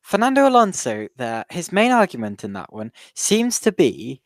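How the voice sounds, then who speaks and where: A man's voice: fairly high pitch, huge pitch swings, normal speed, no room sound. A man co-hosting a casual podcast, arguing his point while thinking aloud. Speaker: podcast co-host. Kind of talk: casual opinion chat.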